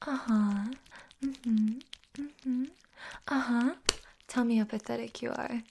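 A woman's voice: fairly high pitch, steady tone, gravelly, darkish tone, a little hiss or hum. A woman playing a scornful, domineering young woman in a whispered role-play, harsh and mocking. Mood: taunting. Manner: harsh, mocking, profane, slow taunting.

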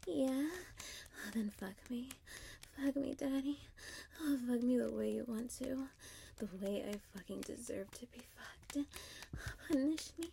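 Breathy high-voiced woman, whispered role-play. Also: a little slow, mellow, slight background noise. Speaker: audio role-play performer.

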